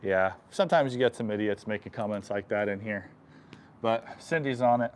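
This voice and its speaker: A man working as an equine chiropractor, explaining stretches on a live stream while softly soothing the horse and often clearing his throat. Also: fairly low pitch, moderate pace, a little hiss or hum. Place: horse stall in a stable.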